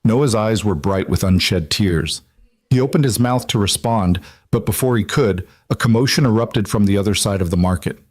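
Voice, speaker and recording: A man giving scripted narration of a story in an even, measured way. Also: fairly low pitch, no room sound.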